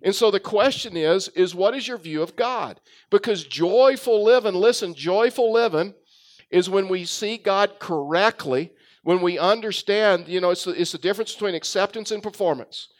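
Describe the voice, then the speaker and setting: A man's voice: sits high, moderate pace. A man preaching a sermon, telling a story with frequent fillers and restarts. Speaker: pastor.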